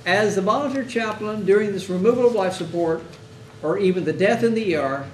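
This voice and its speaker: A man's voice: high-pitched, fairly quick, darkish tone. A man teaching hospital chaplains in a conversational lecture, often acting out exchanges with grieving families. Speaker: chaplain instructor. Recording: echoey room, mic far off, faint hiss.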